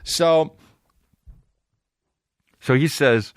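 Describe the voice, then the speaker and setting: A man in his thirties hosting a podcast, telling a comedic story in a profane, animated way and acting out both sides of it. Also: a little high, extremely slow, dry recording, clean studio sound. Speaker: podcast host.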